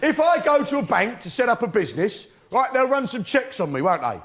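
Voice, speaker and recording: A blustering middle-aged English comedian rants on stage in a high, swooping voice that leaps all over the place. He swears freely and talks straight to the crowd. The live recording is noisy. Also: very animated, brisk. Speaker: stand-up comedian. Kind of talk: stand-up comedy performance. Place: theatre stage before a live audience.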